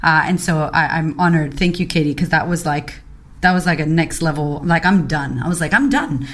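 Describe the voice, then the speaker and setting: A woman podcast host from Boston, telling a story in casual chat, excitable and expressive, swearing freely and acting out her own reactions. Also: deep voice, fairly quick. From Boston, United States. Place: online audio chat room.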